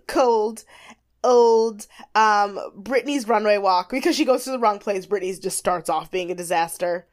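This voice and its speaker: A woman's voice: medium pitch, normal speed, hardly any pauses. A woman co-hosting a podcast, recapping a reality show in a casual, chatty way with lots of fillers. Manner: animated, chatty, many fillers. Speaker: podcast co-host.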